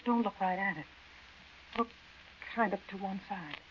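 A frightened young woman, camped by a desert well at night, speaks in a hushed, uneasy middle voice, as an actress plays her. Her lines come off a dull, lo-fi old radio broadcast with faint hiss in the background. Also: medium pitch, moderate pace, natural voice. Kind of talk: 1940s radio acting.

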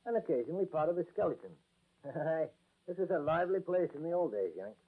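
An actor doing a Yorkshire accent as a gruff, friendly army corporal in a 1940s radio drama, folksy and ominous. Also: male voice, a little high, expressive, fast. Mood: reminiscing. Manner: folksy, ominous storytelling with "aye" and "lad". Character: gruff, friendly Yorkshire lance corporal, older drill master. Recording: tinny old radio broadcast recording.

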